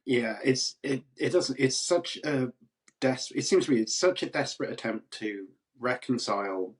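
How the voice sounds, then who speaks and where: A man's voice: medium pitch, moderate pace. A man on a discussion panel arguing casually and with exasperation, peppering his points with "like" and "right?". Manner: exasperated, argumentative, many "like" and "right?" tags.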